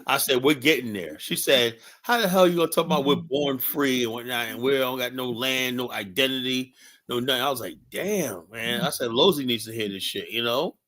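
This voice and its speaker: Speaking fairly quickly in a pushed, bright, medium-pitched voice, a man hosts a livestream talk show full of casual opinions. He's blunt and emphatic with frequent profanity, and he relays anecdotes with quoted lines. The online stream mic makes for rough recording.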